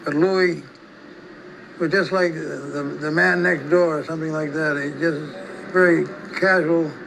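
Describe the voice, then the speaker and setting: Older man reminiscing, rambling and relaxed. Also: fairly high pitch, unhurried, gravelly, background noise. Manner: relaxed, rambling, with frequent restarts. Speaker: storyteller recalling his past. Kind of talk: casual spoken reminiscence.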